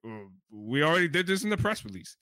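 A man voicing a stiff, deadpan male game company spokesman in a mock-formal tone. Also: fairly high pitch, fast, no room sound, voice pushed down.

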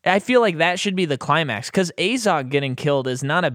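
A man's voice: fairly high pitch, animated, fairly quick, fairly bright tone, no echo, clean studio sound. A man co-hosting a podcast, chatting casually about a movie with blunt opinions and frequent laughs. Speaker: podcast co-host. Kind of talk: casual movie review chat.

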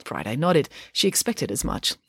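A woman narrating an audiobook in an expressive storytelling manner. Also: very deep voice, moderate pace, gravelly, slightly rough, dry recording.

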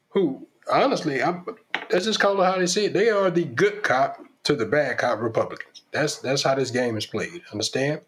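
A man's voice: a little high, fairly bright tone. A man hosting a podcast, delivering an opinionated monologue in an emphatic, preachy style with lots of rhetorical questions. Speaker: podcast host.

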